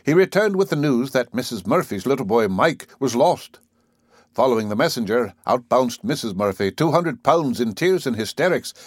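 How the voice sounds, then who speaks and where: A man reading a story aloud as an audiobook narrator, in a measured, wry way. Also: mid-range voice, no echo, clean studio sound. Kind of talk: scripted narration.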